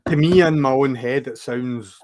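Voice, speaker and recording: A man's voice: medium pitch, moderate pace. A man chatting over a video call, telling stories and chuckling often. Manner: chuckling, relaxed storyteller. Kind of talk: casual chat.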